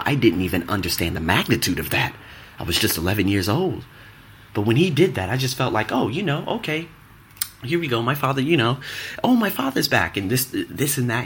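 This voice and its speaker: A man's voice: fairly low pitch, a bit bright, slightly rough. A man in his thirties telling a candid, rambling personal story as a podcast host, full of fillers and restarts.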